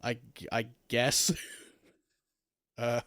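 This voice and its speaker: A man's voice: mid-range voice, completely flat delivery, very slow, a bit bright, clear, resonant tone, no room sound. A man streaming a game, chatting in a giggly, rambling, self-mocking way. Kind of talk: let's play commentary.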